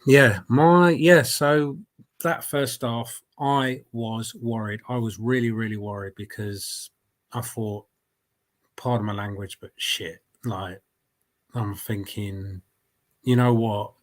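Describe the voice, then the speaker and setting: A man's voice: on the low side, fairly even intonation, slow. A man with a cold hosting a casual live football reaction stream at home, rambling with many fillers and restarts. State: has a cold. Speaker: football fan channel host. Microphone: desk mic at a laptop.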